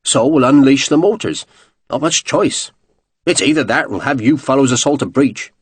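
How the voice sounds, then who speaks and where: A man's voice: mid-range voice, expressive, moderate pace, breathy edge, no room sound. A man doing a wry naval captain with a Devonshire accent. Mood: friendly wry. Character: tall fair-haired naval captain, warm and wry.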